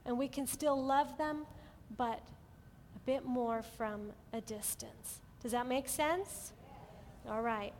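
A woman teaching a Bible study to a women's group in an earnest, gentle way, often checking in with her listeners. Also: high voice, slow, a little hiss or hum. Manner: asks the audience frequent check-in questions. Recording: long hall reverb.

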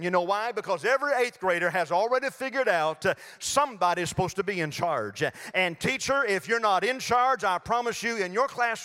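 A man's voice: high-pitched, pushed and bright, big-room sound. An older man preaching a sermon in a folksy storytelling way, acting out little voices as he goes. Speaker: pastor.

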